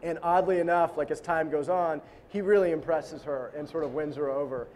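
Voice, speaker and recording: Animated, joking male director. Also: on the high side, fairly quick, a little hiss or hum. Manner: animated, joking, acts out voices. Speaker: film director. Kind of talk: casual interview storytelling.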